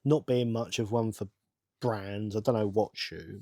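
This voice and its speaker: A middle-aged man, rambling to himself in a casual build-along chat with bursts of excitement. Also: medium pitch, normal speed, creaky, no echo. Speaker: channel host.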